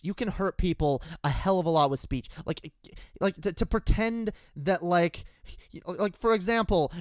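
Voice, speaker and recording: A man's voice: on the high side, dry recording. A man giving a heated, profane political rant, full of stammered restarts. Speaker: political commentator. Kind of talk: casual ranting commentary.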